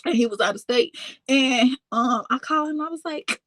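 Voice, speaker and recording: A woman telling a casual, profane storytime tale, full of animated asides and sudden high excited squeals. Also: moderate pace, no echo. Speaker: storytime vlogger.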